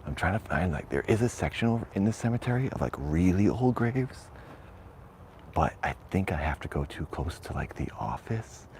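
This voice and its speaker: A vlogger streams a nervous night walk through a cemetery, half-whispering into a shirt lapel mic with some hiss or hum. His voice is low-pitched, darkish, and sing-song at a moderate pace as he rambles.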